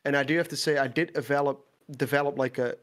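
A man's voice: on the high side, fairly even intonation, fast, a bit bright. A man from the Netherlands, a native Dutch speaker, chatting on a podcast over an online call. He talks in long, winding explanations with plenty of fillers. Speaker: guest. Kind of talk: casual podcast chat.

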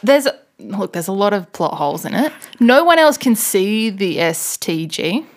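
A woman's voice: mid-range voice, big pitch swings, moderate pace. A woman co-hosting a podcast, chatting casually and rambling through a story with frequent laughs. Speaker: podcast co-host. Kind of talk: casual chat.

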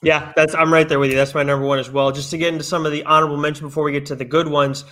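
A man co-hosting a podcast, eager and blunt, reacting quickly in casual chat. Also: fairly high pitch, little pitch movement, fairly bright tone. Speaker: podcast co-host.

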